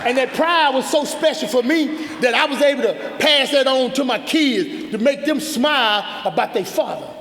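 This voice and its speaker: High-voiced man in echoey hall. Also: normal speed, hardly any pauses, a crowd in the background, noisy background. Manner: emphatic, folksy, repeats phrases. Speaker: hall of fame inductee. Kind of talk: acceptance speech. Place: large banquet hall with audience. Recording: echoey hall, audience faint.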